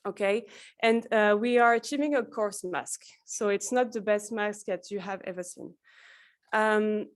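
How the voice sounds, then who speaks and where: A woman's voice: medium pitch, a little slow. A woman presenting a technical tutorial from slides. She explains step by step and often corrects herself mid-sentence. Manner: explanatory, with frequent self-corrections and filler sounds.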